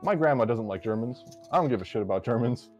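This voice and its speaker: A man's voice: medium pitch, expressive, fast, a little mellow, dull audio, soft background music. A man joining a streamed chat as a guest, making his points in a wordy, argumentative, self-mocking way. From Polish family. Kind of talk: casual debate chat on a stream.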